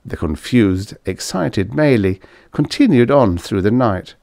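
A man narrating a short story in an expressive storytelling manner. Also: lowish voice, measured pace, gravelly, no room sound, clean studio sound. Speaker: audiobook narrator. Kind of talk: scripted narration.

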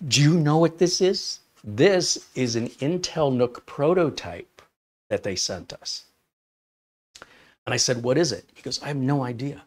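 A man hosting a tech live stream, chatting casually and telling an anecdote with frequent laughs. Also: medium pitch. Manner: chatty, storytelling, laughs often. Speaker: tech channel host.

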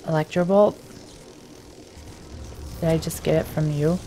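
A woman's voice: sits low, fairly even intonation, a little slow, warm tone, a little hiss or hum. Jittery young woman narrating her gameplay. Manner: talks to herself, jittery and reactive. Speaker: gameplay streamer. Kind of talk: casual let's play commentary.

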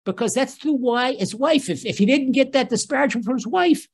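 A man's voice: very high-pitched, lively intonation, fairly quick, creaky, breathy edge. A man, a rabbi, giving a spoken Torah lesson, emphatic and talking straight to his listeners, often repeating his key phrases.

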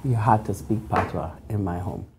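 A woman in her forties from Canada, a reggae DJ, explaining things in a thoughtful, unhurried way in a documentary interview. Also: extremely low pitch, background noise. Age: 40s.

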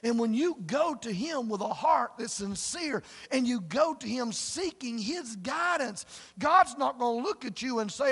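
A middle-aged man, preaching a sermon in a folksy storytelling way that swells to loud emphatic preaching. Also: very high voice, expressive, moderate pace, husky. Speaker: pastor. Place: church sanctuary. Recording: long church reverb.

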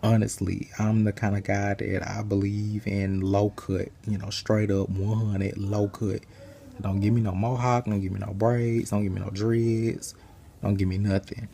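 A tired young man talking casually to his camera while lying in bed, rambling in a relaxed way. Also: fairly low pitch, a little slow, vocal fry, slightly rough. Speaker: vlogger. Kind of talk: casual chat.

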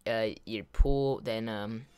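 A young man casually telling a story to his video audience, rambling and excitable, with lots of fillers and laughter. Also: lowish voice, slow, heavy background noise. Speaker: gaming vlogger.

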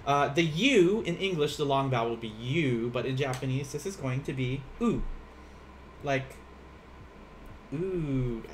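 A man's voice: medium pitch, animated, measured pace, long pauses, a little hiss or hum. A young man teaching a casual livestream language lesson from home, rambling, laughing often and poking fun at himself, with lots of fillers. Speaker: Japanese teacher. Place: home room.

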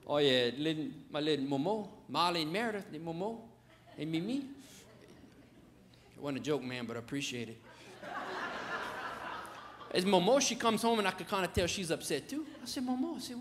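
A man's voice: sits high, expressive, normal speed, pauses often, fairly bright tone, slight background noise. A middle-aged man with a Louisiana Cajun accent, telling folksy stand-up stories about his kids in a drawling, dialect-rich way. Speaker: stand-up comedian. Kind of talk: stand-up storytelling. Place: comedy stage before a live audience.

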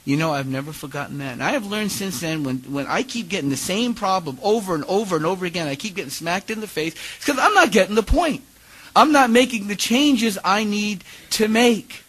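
Man, fifties, sermon, personal stories, slightly high voice, animated delivery. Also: brisk, rough recording. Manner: animated storytelling, rising and dropping his voice. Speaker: preacher giving a talk.

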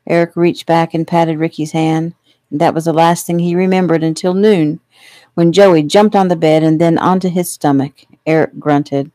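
A woman casually reading her own novel aloud at home, relaxed and unhurried. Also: deep voice, no room sound. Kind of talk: casual audiobook narration.

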